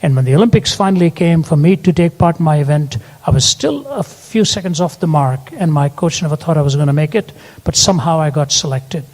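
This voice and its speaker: A man's voice: a little high, lively intonation, a little fast, hardly any pauses, darkish tone. Older male preacher with hall reverb. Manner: earnest storytelling, rising to emphatic peaks. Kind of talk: sermon.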